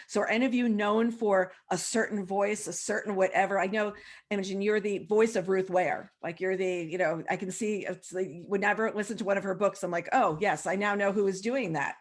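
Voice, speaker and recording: A woman's voice: medium pitch, fairly even intonation. Chatty woman moderating a panel. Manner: chatty, quick self-corrections. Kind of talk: hosted panel discussion.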